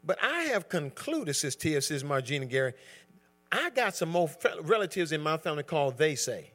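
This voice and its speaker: A man's voice: a little high, very animated, moderate pace, fairly bright tone. A man leading an interactive Bible study, calling on members by name in a conversational, emphatic way. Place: church group gathering.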